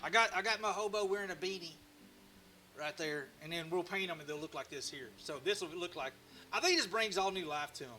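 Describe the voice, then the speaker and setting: A man's voice: high-pitched, fairly quick, sharp tone, slight background noise. A man hosting a casual live stream, rambling and joking at his own expense. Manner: rambling, joking and self-mocking, with frequent restarts. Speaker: live-stream woodcarving host.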